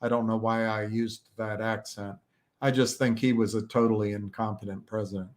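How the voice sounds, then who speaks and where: A man from the United States, hosting a livestream and talking casually in a slow, rambling way, with many fillers and restarts. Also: on the low side, little pitch movement. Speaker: livestream host.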